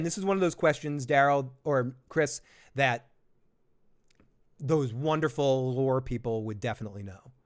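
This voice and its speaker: Male live-stream host recapping an episode, loose, profane, laughs at himself, medium pitch. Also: a bit bright, smooth. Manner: casual, profane, laughing, self-deprecating. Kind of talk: live episode reaction commentary.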